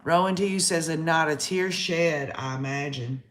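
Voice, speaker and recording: High, bright-voiced man recapping trial live. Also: normal speed, roomy sound. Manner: reads chat comments aloud, emotional. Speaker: host.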